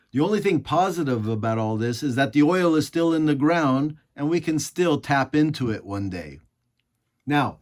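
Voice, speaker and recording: A man from the United States reading scripted political commentary, sarcastic and indignant, full of rhetorical questions. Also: on the high side. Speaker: commentary host.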